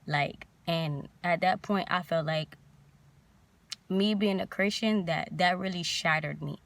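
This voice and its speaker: A young woman vlogger telling a painful personal story in a halting, emotional way, near tears. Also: lowish voice.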